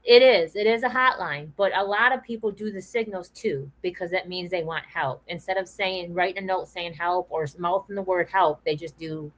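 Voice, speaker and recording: Woman host, kinda low voice, earnest, repeats herself for emphasis. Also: moderate pace, hardly any pauses, fairly bright tone, low-quality recording. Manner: emphatic, repeats phrases for weight. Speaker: podcast host. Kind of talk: earnest awareness talk.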